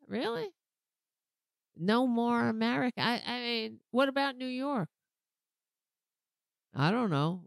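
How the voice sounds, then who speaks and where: A woman hosting a casual political commentary show, talking sarcastically and rambling, her voice going hoarse. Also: fairly low pitch, no echo. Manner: sarcastic, rambling, slow-paced. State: losing her voice, clearing throat. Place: home, pet on lap.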